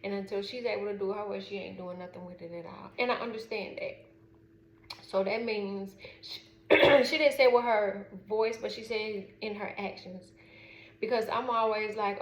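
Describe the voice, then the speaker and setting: A woman's voice: medium pitch, fairly even intonation, moderate pace. A middle-aged woman with a Southern US accent tells a frank, rambling story about her daughter in a casual vlog, full of fillers. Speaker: mother. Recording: roomy echo, faint background noise.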